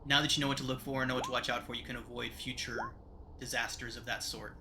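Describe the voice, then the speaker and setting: A man running a tabletop game as game master, describing scenes in measured, descriptive narration. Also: medium pitch, little pitch movement, heavy background noise.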